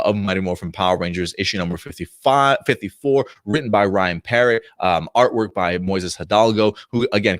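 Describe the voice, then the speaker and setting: A man with a lowish voice hosts a casual video review in a dry, close-miked sound. He rambles enthusiastically, doubling back and stacking up fillers as he goes. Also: dry recording. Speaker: host reviewing episodes and comics.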